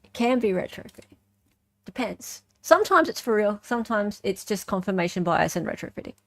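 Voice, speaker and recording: An Australian woman hosting casual true-crime commentary, animated and sarcastic, who keeps tossing in "right?" as she talks. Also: medium pitch, fairly quick, no echo, studio quality.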